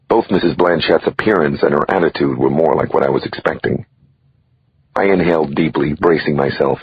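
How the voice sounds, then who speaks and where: Brief: deep, husky male audiobook reader, measured and dramatic, dry lo-fi sound. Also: no echo. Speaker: audiobook narrator. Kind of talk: scripted audiobook narration.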